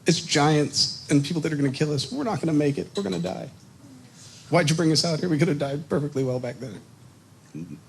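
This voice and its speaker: A man's voice: animated, brisk, a little hiss or hum, lightly acted. A man voicing complaining Israelites in a panicky, whining tone while retelling a Bible story. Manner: complaining, panicky, rising pitch. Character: whiny grumbling wandering Israelites, panicky.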